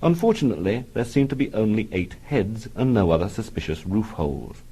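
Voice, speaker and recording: A man reading a comic memoir aloud in a dry, deadpan manner. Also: lowish voice, fairly quick, slightly rough, poor audio. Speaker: comic narrator.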